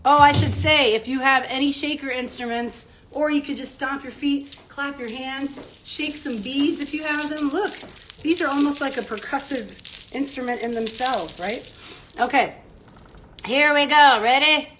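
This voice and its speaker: A woman, a children's singer and storyteller, talking gently and playfully to young children on a home livestream. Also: high-pitched, a little slow, slight background noise. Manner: soft, coaxing, playful.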